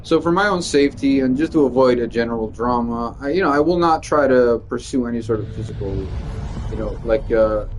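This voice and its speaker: Rambling, profane comedian venting. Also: male voice, medium pitch, a little fast, slight background noise. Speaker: stand-up comedian. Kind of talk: casual venting monologue.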